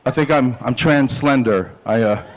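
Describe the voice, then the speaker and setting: A middle-aged man telling jokes in a stand-up set, poking fun at himself. His delivery is loose and halting, full of fillers, restarts and his own chuckles. His voice sits at an ordinary male pitch. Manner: self-deprecating, jokey, halting with fillers and laughs. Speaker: dental hygienist doing stand-up.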